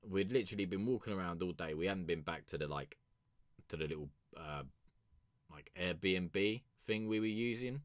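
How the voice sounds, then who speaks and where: A man's voice: low voice, moderate pace, no echo, studio quality. A young man hosting a music review stream, telling a rambling, sweary story in a casual chat.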